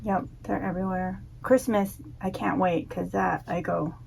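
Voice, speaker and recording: A woman's voice: fairly low pitch, fairly even intonation, normal speed, vocal fry, darkish tone, a little hiss or hum. Teasing, laughing podcast co-host woman. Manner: teasing, laughs often, lists things as she remembers. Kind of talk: casual chat.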